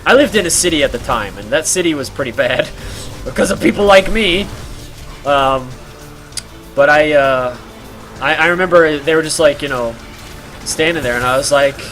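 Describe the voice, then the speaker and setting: A man's voice: on the high side, moderate pace, long pauses, a bit bright, soft background music. A man streaming a game while telling a rambling story, full of fillers and laughs.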